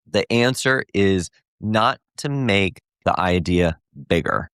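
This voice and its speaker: A man's voice: low voice, dry recording, clean studio sound. A middle-aged man hosting a live-stream coaching session, talking emphatically and reading out viewers' chat replies. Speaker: host.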